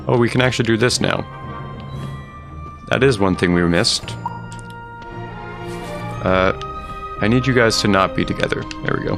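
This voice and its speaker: A man streaming a video game, rambling casually and chatting with his viewers as he plays. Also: on the low side. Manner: rambling, chatty, talks to viewers while playing. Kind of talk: casual gaming commentary. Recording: game music under the voice. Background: video game music.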